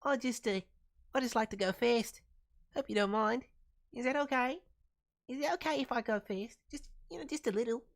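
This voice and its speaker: A man voicing a young male bunny with a high-pitched New Zealand accent, eager and apologetic about going fast. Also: vocal fry. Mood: cheery. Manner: apologetic, easygoing, hurried.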